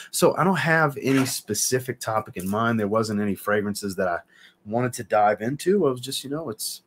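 With a lowish, fairly bright voice and a little background noise, this man runs a relaxed livestream. He's eager and talkative, calling out chat names and responding to what viewers write.

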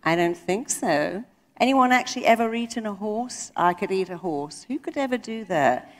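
A woman's voice: mid-range voice, expressive, normal speed, long reverb tail. A middle-aged woman giving an emphatic motivational talk to a live audience, acting out quoted voices. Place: conference hall.

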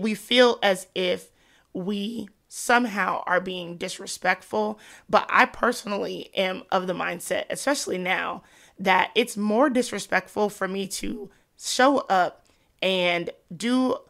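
A woman's voice: mid-range voice, vocal fry, a bit bright. A woman hosting a Christian podcast and chatting casually with her listeners, her voice congested and nasal from allergies. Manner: chatty, calls listeners "sis" and "girl". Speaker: podcast host. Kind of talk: casual faith-based podcast talk.

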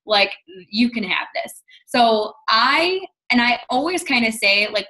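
A woman's voice: a little high, lively intonation, measured pace, bright, forceful tone. A young adult woman, a fitness coach, talking casually on a team call in a chatty, upbeat way with many fillers.

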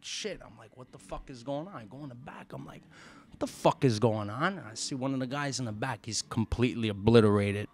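A man tells a long story as a podcast guest. His speech is loose and profane, and he acts out other people's lines as he goes. His voice sits at a middle pitch. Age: 30s. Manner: profane, animated storyteller acting out quotes. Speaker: restaurant owner, podcast guest. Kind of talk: casual storytelling chat.

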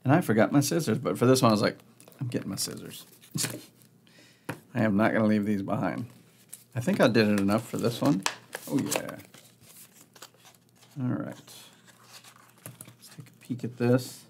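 A man's voice: lowish voice, expressive, a little slow, gravelly, pauses often, darkish tone, slight background noise. Chatty man unboxing a board game. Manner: chatty, upbeat, thinking aloud. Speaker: board game channel host. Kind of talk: casual unboxing commentary.

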